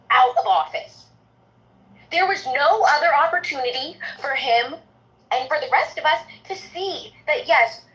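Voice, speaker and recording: A woman's voice: high-pitched, pushed and bright, rough recording. A woman giving an emphatic, upbeat political pep talk in an audio chat room, rallying the listeners.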